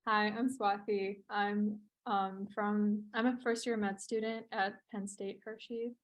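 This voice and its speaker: Soft-spoken woman with flat delivery. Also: medium pitch, measured pace. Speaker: medical student. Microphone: video call.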